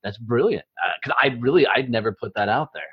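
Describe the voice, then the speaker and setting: A man's voice: medium pitch, lively intonation, quick pace, husky, highs cut off. A middle-aged man hosting an interview, enthusiastic and full of "you know" fillers, laughing often. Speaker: host. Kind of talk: podcast interview.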